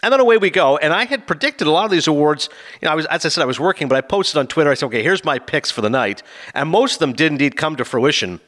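Fast, lively man ranting about awards. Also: on the high side. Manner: animated, acts out quotes in funny voices. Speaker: film commentator. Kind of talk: casual opinionated chat.

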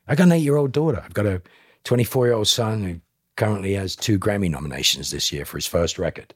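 A man's voice: fairly low pitch, animated, fast, breathy edge, dry recording, studio quality. A man in his fifties, a podcast guest, telling a dramatic personal story bluntly and with emphasis, swearing and acting out what others said. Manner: blunt, emphatic, swears, acts out quoted speech. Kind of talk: emotional storytelling.

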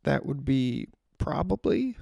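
A man's voice: medium pitch, very animated, takes it slowly, creaky, warm tone, dry recording, studio quality, exaggerated voice. A man briefly imitating an idealistic male musician preaching love and world peace, in an earnest, pleading way.

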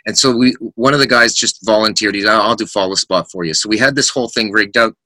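A middle-aged man with a forceful, bright voice and a slightly low pitch tells rock-tour stories as a podcast guest. He slips into other people's voices for quotes and laughs as he goes. The sound is dry and close. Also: fast talker, no echo. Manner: animated anecdotes, acts out quotes, laughs often. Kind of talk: casual storytelling in a podcast interview.

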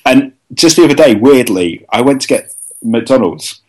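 A man's voice: medium pitch, lively intonation, normal speed, rough recording. A man from the UK co-hosting a podcast, explaining things in a chatty, rambling way. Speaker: podcast co-host. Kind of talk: casual chat.

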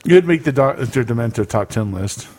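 A man co-hosting a podcast in casual chat, dry and deadpan with quiet laughs. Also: medium pitch, normal speed. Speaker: podcast co-host.

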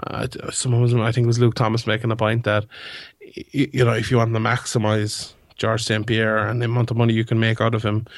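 A man's voice: lowish voice, completely flat delivery, brisk, no echo, studio quality. A young man hosting a casual sports podcast, rambling with lots of fillers and restarts. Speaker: podcast host.

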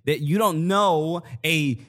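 A man's voice: fairly high pitch, slow pace, a bit bright. A man co-hosting a football podcast, chatting casually and laughing often. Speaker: podcast co-host. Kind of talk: casual chat.

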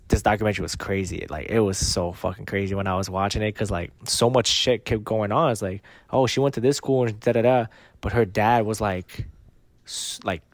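Slangy, animated young man telling a story. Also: lowish voice, no room sound. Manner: animated, slangy, swears a lot, acts out quotes. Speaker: podcast co-host. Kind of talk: casual chat, storytelling.

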